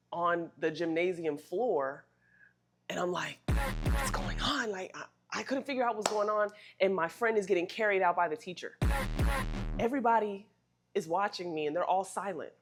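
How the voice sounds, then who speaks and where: Young woman quietly recounting a memory. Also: on the low side, moderate pace, pauses often, over music. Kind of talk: personal storytelling.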